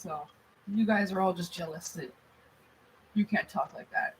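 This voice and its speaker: A woman's voice: on the low side, moderate pace, a little hiss or hum, poor audio. A woman in her forties hosting a casual livestream, chatty and rambling. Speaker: livestream host.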